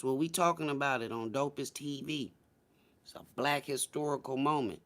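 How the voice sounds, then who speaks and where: A man hosting a casual livestream, joking and profane, swinging between loud shouts and low mutters. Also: moderate pace. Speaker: livestream host.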